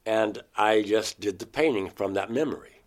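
A man being interviewed, telling of a personal experience in a halting way, often restarting words. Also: lowish voice. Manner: halting, restarts words, rises sharply when quoting himself. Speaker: interviewee, painter.

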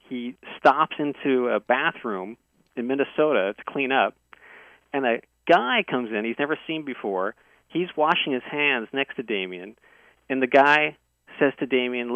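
A man's voice: medium pitch, dry recording. Man telling a story over a phone line. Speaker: guest recounting a personal story. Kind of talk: conversational storytelling. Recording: tinny dry phone line.

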